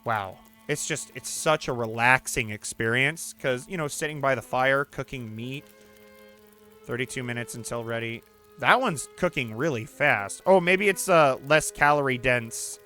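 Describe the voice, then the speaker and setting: A man hosting a let's play, commenting casually and getting excitable, swearing and shouting when things go wrong. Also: medium pitch, moderate pace, soft background music. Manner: talks to the player character and the audience.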